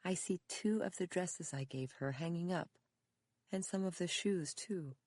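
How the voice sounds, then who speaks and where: Narrator doing a sad kind old auntie, talks soft and wistful, a bit higher than the narration. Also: measured pace, dry recording, close to an everyday voice. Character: grieving older aunt, gentle and kind. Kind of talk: audiobook character reading.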